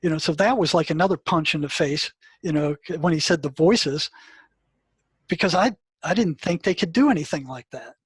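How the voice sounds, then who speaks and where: A man from the US, a guest in an interview, telling a story in a halting way, repeating words and acting out what people said. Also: a little high, breathy edge, no room sound. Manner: halting, repeats words, acts out quoted dialogue.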